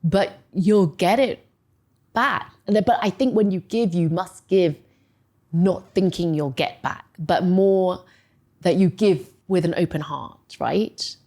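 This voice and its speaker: A woman in her forties telling a personal story as a podcast guest, chatty and animated, filling her speech with "like" and jumping high when quoting people. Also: takes it slowly. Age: 40s. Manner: animated storyteller, many "like"s, voices quotes high. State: emotional, near tears. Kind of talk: casual interview chat.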